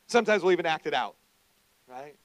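High-voiced pastor preaching with dry sound. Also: male voice, expressive, brisk, no room sound. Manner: conversational preaching, moving between quiet asides and loud emphatic stretches. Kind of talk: sermon.

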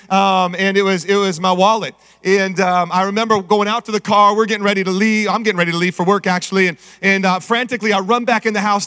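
A middle-aged man preaching a sermon, energetic and calling out to the congregation. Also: high-pitched. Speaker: pastor. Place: church sanctuary. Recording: reverberant church hall.

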